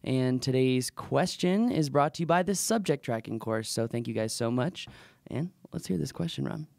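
A man's voice: medium pitch, animated, normal speed, vocal fry, darkish tone, dry recording, studio quality. A man co-hosting a casual podcast, rambling a little with fillers as he talks. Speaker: podcast co-host.

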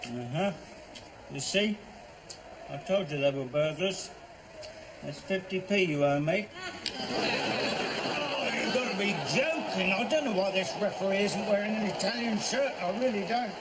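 A grumbling, smug football-fan husband. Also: male voice, high-pitched, lively intonation, measured pace, pauses often, a loud crowd, heavy background noise. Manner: grumbling asides, shouts at the television. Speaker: neighbour watching football on TV. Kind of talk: sitcom acting.

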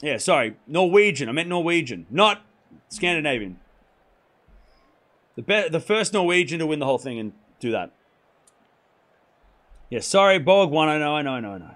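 A hoarse man hosting a live tennis stream, talking excitably and rambling while chatting with viewers. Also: on the high side, normal speed, long pauses. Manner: excitable, rambling, self-correcting. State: hoarse from hours of shouting.

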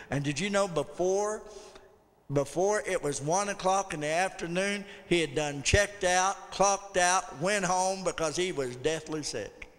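A man's voice: fairly high pitch, moderate pace, a bit bright. A man preaching a sermon as pastor, telling folksy stories and calling out to the congregation. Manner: folksy storytelling with audience call-outs. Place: church sanctuary. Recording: long church hall reverb.

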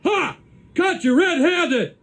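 A man voicing a dim-witted, slow, gleeful small-town police officer in a cartoon. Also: very high voice, lively intonation, a bit bright, full character voice. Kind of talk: cartoon voice acting.

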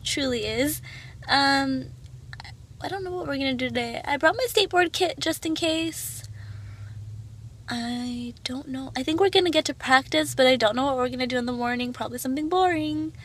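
Bright, bubbly young woman vlogger. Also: high-pitched, moderate pace. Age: young adult. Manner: chatty, bubbly, uses filler words. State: stuffy with allergies. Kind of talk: casual vlog chat. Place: car and home, phone vlogging.

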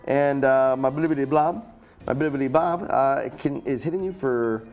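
A man's voice: mid-range voice, moderate pace, a little mellow. A man running a tabletop game as game master, narrating in a playful, rambling way. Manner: playful, filler-heavy narration. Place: studio.

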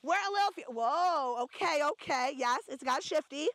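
A woman's voice: sits high, expressive, moderate pace, fairly bright tone, no room sound. A woman directing a photo shoot, bubbly and gushing with enthusiastic praise as she calls out poses. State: sucking on a throat lozenge.

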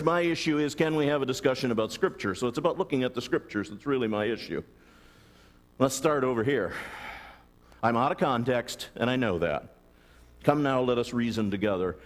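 Pastor, male, mid-pitched, preaching in a reverberant church hall, checking in with the congregation often. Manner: asks the congregation frequent rhetorical questions. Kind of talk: sermon. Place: large church sanctuary.

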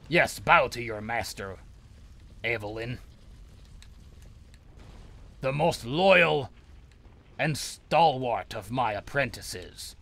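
A man voicing a pompous male dark sorcerer who declaims grandly to his apprentices. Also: mid-range voice, heavily acted.

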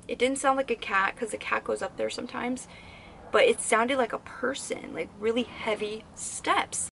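A young woman vlogger casually telling stories to the camera, animated and swearing freely. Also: a little high, normal speed, gravelly, a little hiss or hum. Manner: animated, swears freely while recounting scary events.

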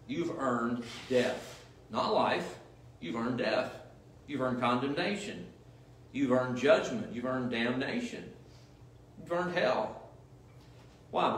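In an echoey church, captured by a far-off microphone, a male pastor with a medium-pitched voice and lively intonation preaches a little slowly. He leans on emphasis, repetition, and a stream of rhetorical questions.

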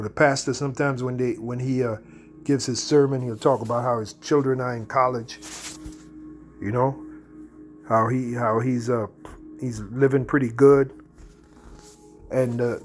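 A man's voice: medium pitch, a little mellow. Blunt man preaching over faint music. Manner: blunt and slangy, reads verses slowly. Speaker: Bible teacher. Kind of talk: preaching commentary with scripture reading.

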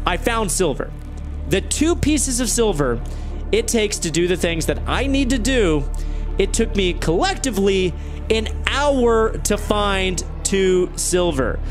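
A man talks through his game in a fairly high voice that swings widely in pitch. He rants in exasperation and shoots up high when frustrated. Soft music plays underneath. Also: animated, unhurried. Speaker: let's play host. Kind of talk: gameplay commentary.

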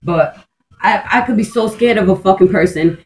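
A woman's voice: medium pitch, moderate pace, a little mellow, rough recording. Blunt, rambling woman swearing freely. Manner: profane, blunt and streetwise; rambling, with frequent restarts and "like". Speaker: vlogger. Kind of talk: casual rambling monologue.

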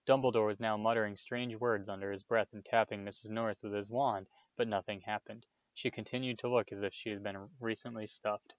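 A man reading a children's novel aloud in a steady, measured way. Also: lowish voice, no room sound, muffled recording. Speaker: reader. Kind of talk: audiobook read-aloud.

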